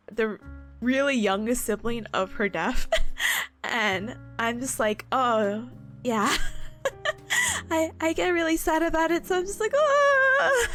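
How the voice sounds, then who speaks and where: A young woman streamer chats with her audience in a high voice that leaps all over the place. She rambles, laughs constantly and lets her feelings show, with soft music playing faintly underneath. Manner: laughs often, emotional and rambling. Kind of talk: casual chat with viewers.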